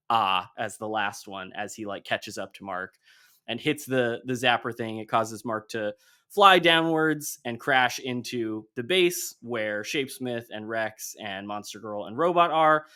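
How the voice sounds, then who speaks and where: A man hosts a casual podcast, walking his co-hosts through a comic book storyline with lively energy. He slips into quick bits of dialogue for each character as he goes. His voice sits at an ordinary middle pitch. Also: smooth. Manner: animated storytelling, acting out comic dialogue in passing. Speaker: podcast host.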